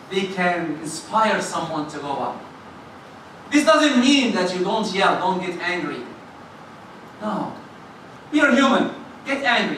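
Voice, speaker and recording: Preacher, male, high and bright voice, emphatic, recorded from far off in a roomy mosque hall. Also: a little hiss or hum. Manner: emphatic, rising to near shouts on key phrases. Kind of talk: mosque sermon.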